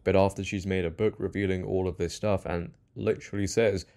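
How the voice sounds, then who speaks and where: Guy doing sarcastic commentary, deep mellow voice. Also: level tone, a little fast. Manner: mocking, sarcastic. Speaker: commentary channel host. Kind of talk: political commentary.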